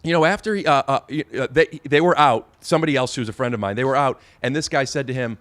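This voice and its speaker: A man's voice: medium pitch, fast, fairly bright tone, dry recording. A man hosting a podcast in casual chat, talking in rambling bursts full of restarts and hesitations. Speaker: podcast host.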